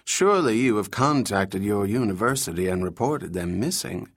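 Man doing an official with Arabic accent, formal, insistent, low dry voice. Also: animated, normal speed, no echo. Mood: pressing. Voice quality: thick accented delivery. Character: male local official, concerned and formal.

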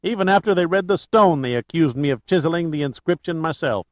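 A man voicing an excitable older Texan store owner who talks high and eager, in a dull lo-fi recording. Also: brisk, dry recording, close to an everyday voice. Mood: excited.

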